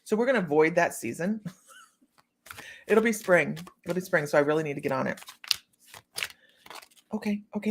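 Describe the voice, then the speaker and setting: A woman's voice: fairly low pitch, animated, normal speed, long pauses, slight background noise. A woman from Ohio hosting a psychic reading livestream, chatting casually with viewers by name and laughing often as she reads cards. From Ohio, United States. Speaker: psychic reader and livestream host.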